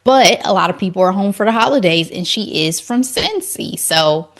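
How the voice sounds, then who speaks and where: Playful woman, lively pitch. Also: normal speed. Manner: playful, teasing. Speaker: podcast co-host. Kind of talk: casual chat.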